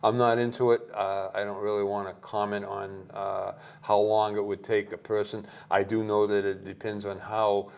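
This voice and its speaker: Low, flat-voiced hesitant man. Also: normal speed, vocal fry, few pauses, smooth. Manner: hesitant, many "uh" fillers, cautious. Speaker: airport manager, guest. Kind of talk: interview answers.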